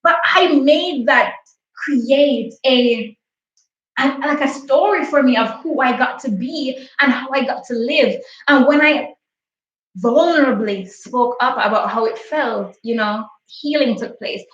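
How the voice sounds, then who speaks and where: A woman's voice: high voice, unhurried, fairly bright tone. A woman in her late twenties hosting a livestream, telling a personal story in a candid, heartfelt, chatty way. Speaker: livestream host. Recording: echoey, distant and muffled.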